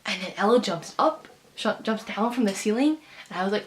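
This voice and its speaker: A young woman talking casually to camera about a book she loved, gushing and excitable, with lots of fillers and quick runs of words. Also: medium pitch, a little hiss or hum. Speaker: book vlogger. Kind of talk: casual book review vlog.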